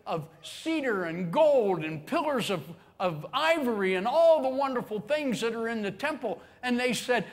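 Preaching with hardly a pause, this pastor has a high-pitched, very animated voice at a moderate pace. His sermon is full of lively storytelling and acted-out quotes punctuated by chuckles, echoing through a church sanctuary's long reverb.

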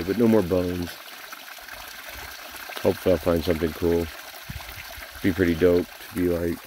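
A deep-voiced man in his forties delivers a bitter vlog rant that is thick with swearing. His voice sits very low. Faint running water trickles behind him. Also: noisy background. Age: 40s. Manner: bitter, profane ranting. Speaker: vlogger. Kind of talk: venting vlog monologue.

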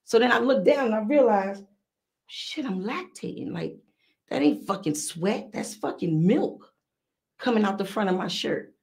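A middle-aged woman with a New York accent, hosting a podcast and telling a story in a casual, animated, profane way. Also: mid-range voice, a little slow. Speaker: podcast host.

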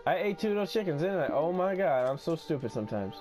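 A man giving solo gameplay commentary, playful and profane, talking to himself and breaking into sudden yells. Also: fairly high pitch, big pitch swings, fast talker, over music. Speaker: gaming video host.

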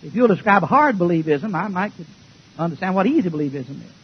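A man preaching a fiery sermon to a church congregation, folksy and joking, sometimes shouting. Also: sits high, animated, a little fast, husky, highs cut off.

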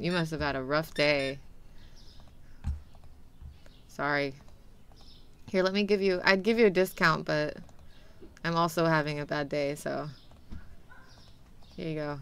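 A woman's voice: low-pitched, slight background noise. A young woman streaming a game, chatting animatedly with her viewers and laughing often. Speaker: VTuber streamer. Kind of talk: casual gameplay commentary.

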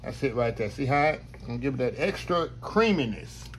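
Talking directly to his viewers, a folksy cooking show host runs a casual kitchen demonstration, tossing out "y'all" again and again. His voice is medium-pitched, animated and a little fast, with slight background noise.

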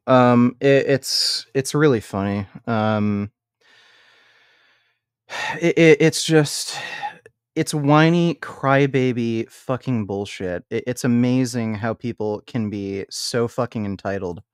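A man streamer ranting in blunt, profane, scornful tones, with halting restarts when worked up. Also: mid-range voice, clean tone, dry recording, studio quality. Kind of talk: reaction stream rant.

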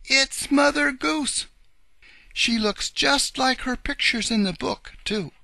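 A man's voice: on the high side, sing-song, unhurried, bright, forceful tone, slightly rough, no echo, pitched above the performer's own voice, full character voice. A man voicing Uncle Wiggily, polite old rabbit. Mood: astonished. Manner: polite, old-fashioned and earnest. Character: kindly old rabbit gentleman, polite and fretful.

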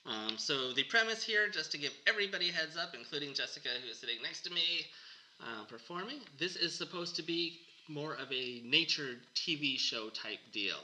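A man's voice: fairly high pitch, lively intonation, fairly quick, bright, forceful tone, a little hiss or hum, low-quality recording. A man hosting a podcast, chatting casually with his guest and laughing often. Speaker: podcast host. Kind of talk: casual interview chat.

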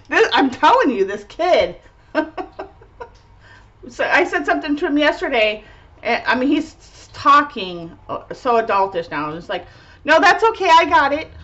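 A young woman and art channel host chatting casually while crafting, laughing often and gently correcting her child. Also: fairly high pitch, sing-song, unhurried, long pauses, highs cut off.

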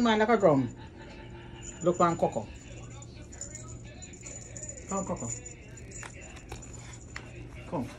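A woman's voice: mid-range voice, a little hiss or hum. Woman coaxing her cats. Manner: coaxing, sing-song, repeats commands. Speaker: vlogger. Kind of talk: casual talk to her cats.

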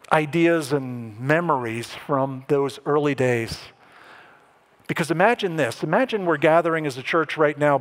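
A man preaching a sermon as pastor, animated and dramatic, acting out the lines he quotes. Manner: animated, acts out quoted lines with rising pitch and emphasis.

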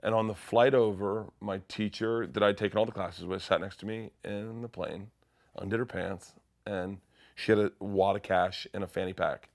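A man's voice: fairly low pitch, fairly even intonation, normal speed. A man in his forties telling a story in an interview, rambling and cutting himself off as he quotes people. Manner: rambling, self-interrupting, quotes others in character. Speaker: comedian guest.

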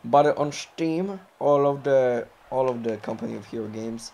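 A young man commenting on his own wrestling video game playthrough, often frustrated and yelling or swearing at the game. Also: medium pitch, normal speed. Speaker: gamer recording a playthrough. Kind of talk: live gameplay commentary.

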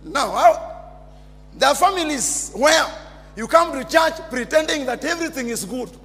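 A man preaching a sermon as pastor, calling out to the congregation and often shouting. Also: very high-pitched, lively intonation, moderate pace. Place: church hall. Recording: reverberant church hall.

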